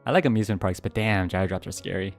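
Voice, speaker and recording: A man's voice: very fast, faint music behind. A young man streaming a casual Q&A, telling stories animatedly and answering questions. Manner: animated storytelling, jumps to high yelps when recounting fear. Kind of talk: casual Q&A livestream chat.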